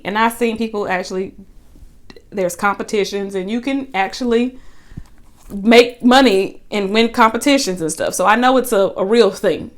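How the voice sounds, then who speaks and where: A woman's voice: medium pitch, fairly bright tone. A woman recapping a reality show in a casual, chatty way, with sassy asides. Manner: chatty, sassy asides, quick paraphrased quotes.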